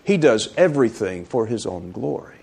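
A male pastor preaching a sermon, building through emphatic rhetorical questions and slowing down to stretch key phrases. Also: medium pitch, animated, a little mellow.

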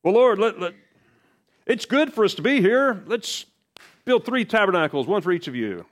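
A man's voice: high voice, very animated, voice pushed up. A preacher voicing a flustered grown male disciple who blurts out stammering words in a raised voice. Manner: rushed, stammering.

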